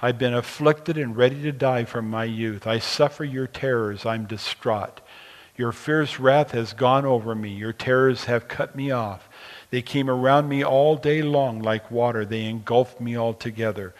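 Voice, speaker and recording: A man's voice: medium pitch, measured pace. Man preaching in a reverberant hall. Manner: swings between loud emphatic scripture reading and quiet pastoral asides. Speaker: pastor. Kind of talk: sermon.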